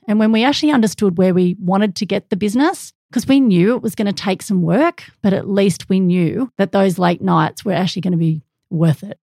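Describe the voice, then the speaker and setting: Calm woman with a gravelly low voice. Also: no room sound, clean studio sound. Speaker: business co-owner and wife. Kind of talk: personal storytelling.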